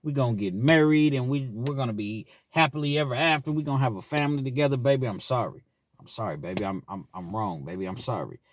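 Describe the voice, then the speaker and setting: A man's voice: mid-range voice, quick pace, no room sound, lightly acted. A man voicing a needy, manipulative jailed boyfriend who pleads and sweet-talks over the phone. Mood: pleading. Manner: pleading, whiny, sweet-talking.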